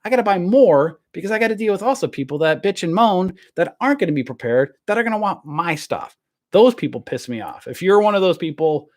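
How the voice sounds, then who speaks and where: A man's voice: a little high, a little mellow. A man hosting a stock trading channel, ranting to camera in a blunt, rambling way and swearing freely.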